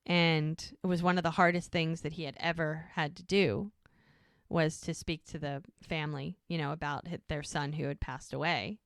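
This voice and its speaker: A woman's voice: deep voice, fairly even intonation, moderate pace, dry recording, studio quality. Woman retelling TV scenes. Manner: retells scenes acting out the characters' lines. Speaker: podcast co-host. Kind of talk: casual recap chat.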